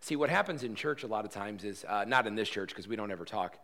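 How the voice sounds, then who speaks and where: A pastor delivers a church sermon in a fairly low voice at a fast clip, earnestly repeating his key phrases. When he jokes with the congregation, he turns loud and lively.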